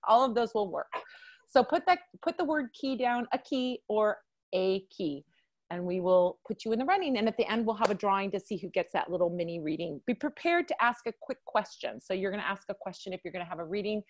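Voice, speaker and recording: A woman's voice: mid-range voice, animated, brisk. A woman hosting a live video call chat, bubbly, laughing often and talking in bursts. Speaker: host.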